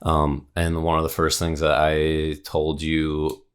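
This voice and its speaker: A woman hosting a casual interview, relaxed and using fillers like "um" and "like". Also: a bass voice, takes it slowly, clean tone. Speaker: host.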